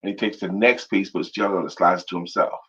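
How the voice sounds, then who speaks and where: A man co-hosting a casual talk show with his wife, a playful, teasing storyteller with a husky voice. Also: sits low, fairly even intonation, fast talker, pushed and bright, dull audio. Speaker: co-host.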